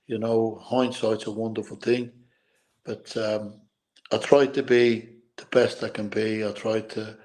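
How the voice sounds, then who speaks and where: A middle-aged Irish man, a former boxer, telling stories in an interview, halting and repeating words, tearful at times. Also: fairly low pitch, flat delivery, a little mellow, poor audio. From Ireland. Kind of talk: emotional storytelling interview.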